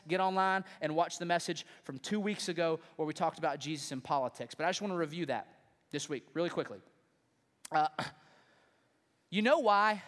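A man preaches a sermon as pastor in a large church auditorium, emphatic and conversational with frequent rhetorical questions. His voice is high-pitched and fairly bright, and the big hall gives the recording a long reverb.

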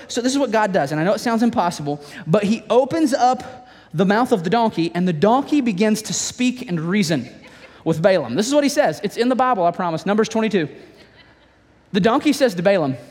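Male pastor, sermon style, lively playful storytelling, bright high register, long hall reverb. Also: fast. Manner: animated, playful storytelling with asides. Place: church.

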